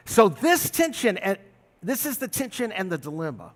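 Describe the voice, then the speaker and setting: A man preaching a sermon as pastor, telling stories with big swings between loud and soft. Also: high voice, normal speed. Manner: animated storytelling with big swings of loudness. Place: large church hall. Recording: long reverb of a church hall.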